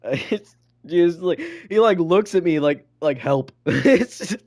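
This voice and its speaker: A man's voice: high-pitched, lively intonation, slow pace, a little mellow. A teenage boy co-hosting a student podcast, telling rambling stories in casual chat full of "like" and swearing. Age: teens.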